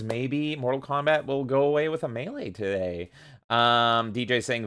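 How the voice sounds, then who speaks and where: A man's voice: medium pitch, a little fast, fairly bright tone. Male stream host, laid-back, reads chat aloud, swears casually. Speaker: livestream host.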